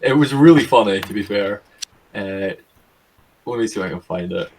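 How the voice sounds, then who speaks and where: A man's voice: lowish voice, lively intonation, moderate pace, darkish tone, a little hiss or hum. A young British man hosting a podcast, chatting casually over a voice call, rambling, swearing and laughing easily. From Britain. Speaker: podcast host.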